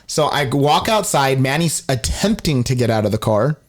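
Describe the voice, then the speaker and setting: Young man, podcast co-host, animated storytelling, swears a lot, acts out quotes. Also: medium pitch, normal speed. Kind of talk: casual storytelling chat.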